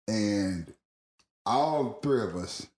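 A man's voice: lowish voice, extremely slow, reverberant. A man telling a long rambling story in casual podcast chat, laughing often and swearing freely. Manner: rambling, laughing, profane, animated.

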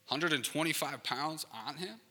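Male pastor, casual conversational preacher with joking asides, very bright tone, long hall reverb. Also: on the high side, expressive, normal speed. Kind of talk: sermon.

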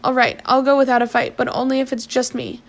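Pleading rough sailor, read by a woman. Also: very high voice, quick pace, a bit bright, heavily acted. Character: rough, kindly adult sailor, protective of boys.

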